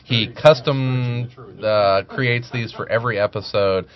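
A man's voice: mid-range voice, unhurried, lo-fi sound. Upbeat man hosting announcements. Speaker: host. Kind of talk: casual chat with announcements.

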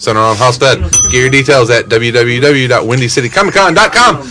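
A man's voice: mid-range voice, brisk, few pauses. A man hosting a podcast in a comic shop, talking in a rambling way with many fillers. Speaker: podcast host. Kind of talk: casual chat. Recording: crowd noise behind.

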